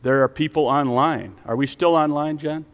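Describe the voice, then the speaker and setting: A male pastor preaching a sermon in a church, rising to emphatic peaks and then dropping to a soft, quiet voice to lead prayer. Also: a little high, moderate pace, in a large hall. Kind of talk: sermon with altar call. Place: church sanctuary with online stream.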